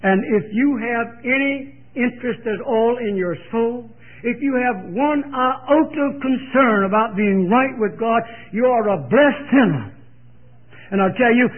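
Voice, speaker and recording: An older man preaching a sermon, telling a story with emphatic repetition and speaking straight to his listeners. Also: extremely high pitch. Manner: emphatic storytelling, repeats phrases, direct address. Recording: tinny lo-fi sermon recording.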